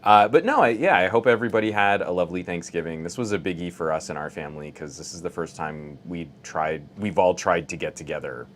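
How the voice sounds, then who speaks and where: Deep-voiced man with a radio announcer delivery. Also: fast talker, few pauses, slight background noise. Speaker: podcast co-host. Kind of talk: casual tech podcast chat.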